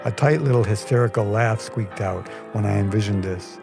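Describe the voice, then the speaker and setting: A man narrating a scripted personal story in a measured, wry way. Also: fairly low pitch, gravelly, music in the background. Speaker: storyteller podcast host.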